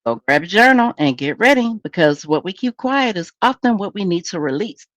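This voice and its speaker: A woman's voice: medium pitch, very animated, a little fast, no room sound. A woman hosting a solo podcast in a candid, conversational, preachy way. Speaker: podcast host.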